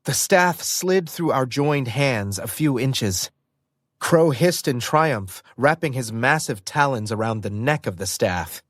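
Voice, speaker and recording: A man reading a first-person audiobook in an expressive storytelling manner. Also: medium pitch, takes it slowly, no echo, studio quality. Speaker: audiobook narrator.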